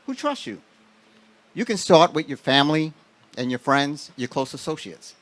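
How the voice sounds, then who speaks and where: A man's voice: on the high side, a bit bright, no echo. A man giving a motivational business talk on stage, asking the audience questions. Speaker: business speaker.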